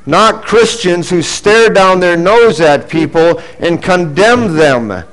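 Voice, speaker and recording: A middle-aged man preaching a sermon as pastor, earnest, rising for emphasis and dropping low and quiet for asides. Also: expressive, takes it slowly, rough recording.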